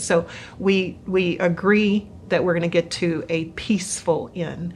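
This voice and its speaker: A middle-aged woman, a pastor's wife, speaking gently and softly with frequent laughter in a conversational Q&A about marriage. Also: fairly low pitch, steady tone, a little slow, a little hiss or hum.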